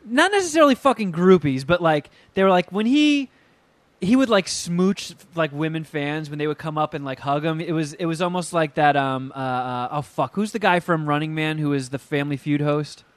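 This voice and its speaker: A man co-hosting a casual podcast chat, telling stories in a profane, animated way with acted-out quotes. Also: fairly high pitch, moderate pace, dry recording. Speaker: podcast co-host.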